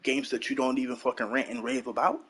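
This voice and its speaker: A man with a husky, slightly rough voice delivers a heated, profane gaming rant. He hammers his points by repeating lines, sitting at an ordinary middle pitch for a man. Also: little pitch movement, fast, a bit bright. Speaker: gaming channel host.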